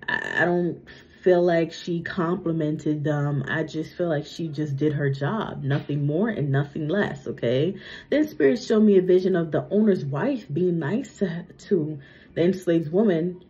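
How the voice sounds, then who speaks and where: A woman's voice: deep voice, mellow. Chatty woman with slightly slurred speech. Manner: chatty, tags lines with "right?" and "okay?". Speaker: psychic medium. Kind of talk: casual spoken reading, monologue. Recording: muffled lo-fi recording.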